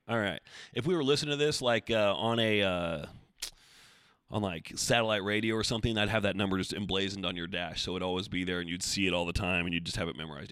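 This podcast host runs his show solo, rambling along in a jokey, self-deprecating way. His deep voice moves fast and sounds smooth and a bit bright, captured at studio quality with no room sound.

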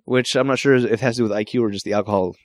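A man co-hosting a podcast in casual chat, laughing often and agreeing quickly. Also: mid-range voice, a little mellow, no room sound, studio quality. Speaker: podcast co-host.

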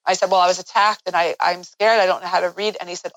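A woman guest in an interview, telling a personal story in an earnest way that grows animated as she recounts events. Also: on the low side, fast talker, no echo, low-quality recording.

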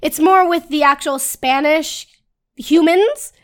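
A woman hosting a casual film discussion podcast, animated and quick to restart her sentences. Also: sits high. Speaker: podcast host.

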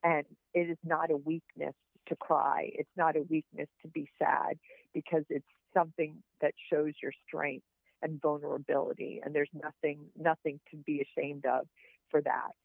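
A woman's voice: sits low, level tone, normal speed, vocal fry, no echo. Earnest woman on a tinny phone line. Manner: earnest, heartfelt, encouraging. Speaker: podcast guest. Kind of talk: personal storytelling over a call.

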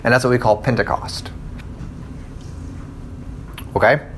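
A man's voice: mid-range voice, fairly even intonation, measured pace, slight background noise. A man teaching a Bible class in a casual lecture style, conversational and often checking in with his listeners. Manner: conversational, checks in with "okay?" and "right?".

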